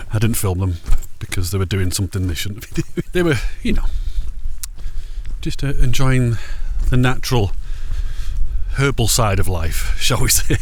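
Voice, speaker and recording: A man's voice: medium pitch, a little hiss or hum. Male vlogger, chatty and jokey, mid-range voice, faint outdoor ambience. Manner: chatty, jokey, rambling asides. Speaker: hiking vlogger. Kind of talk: casual walking commentary. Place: outdoors on a mountain ridge.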